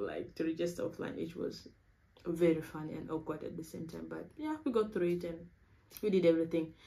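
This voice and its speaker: A young woman from Africa, a university student, chatting quickly and casually to camera, saying "y'all". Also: fairly low pitch, gravelly, low-quality recording. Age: young adult.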